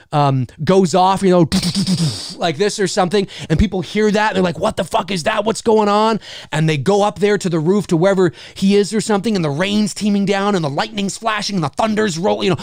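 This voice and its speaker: A man hosting a casual monologue, talking in an animated way, acting out scenes with loud exclamations, swearing and lots of fillers. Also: high-pitched, no room sound, studio quality. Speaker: host.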